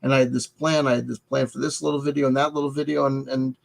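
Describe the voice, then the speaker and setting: A middle-aged man talking through a personal confession in a halting, rambling way, full of restarts and filler words, wearing headphones. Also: medium pitch, flat delivery, creaky, poor audio. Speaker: vlogger. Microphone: headset headphones.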